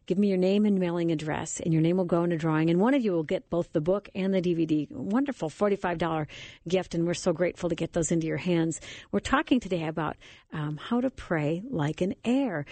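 A woman hosting a Christian radio program, speaking with warmth and enthusiasm. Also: lowish voice, no echo. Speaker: radio host.

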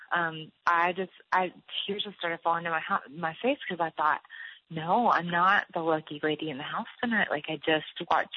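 A woman guest telling an emotional personal story in an animated way, acting out the dialogue and laughing often. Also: deep voice, lo-fi sound. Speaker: guest author.

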